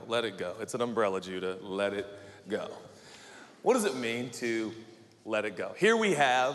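Forties guy pastor telling a goofy story in a sermon, bright voice, long echo in a big church hall. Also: medium pitch. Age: 40s. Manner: storytelling, self-mocking, with sudden excited outbursts.

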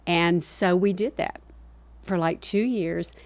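Woman, older, low-pitched, dry close sound, animated storyteller. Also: takes it slowly, no room sound. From South Carolina, USA. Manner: animated storyteller, acts out quoted voices. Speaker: guest. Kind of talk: interview storytelling.

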